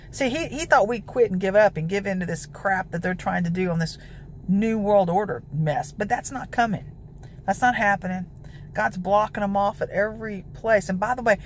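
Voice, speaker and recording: A woman with a gravelly voice giving devotional teaching and prayer, citing scripture and breaking into exclamations. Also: medium pitch, a little hiss or hum. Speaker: prophetic ministry host.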